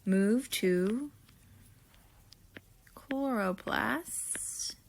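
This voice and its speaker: A woman teacher at an average pitch goes through her notes for a video lesson. She talks slowly and deliberately and thinks aloud as she writes. She speaks to her students in a friendly way. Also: vocal fry. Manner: slow, deliberate, thinking aloud while writing; friendly, addresses students directly.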